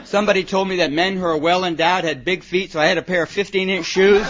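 A man's voice: sits high, fairly quick, hardly any pauses, background noise. A man sharing humorous stories at a recovery meeting, rambling and full of "you know" and "man". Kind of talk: humorous storytelling to a live audience. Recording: muffled recording with audience laughter.

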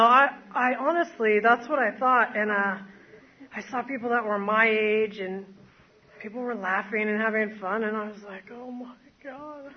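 The recording is muffled as a woman, her voice somewhat high, stands before an audience and tells her recovery story. It's a personal testimony delivered in a rambling way, with lots of fillers and self-mocking laughs.

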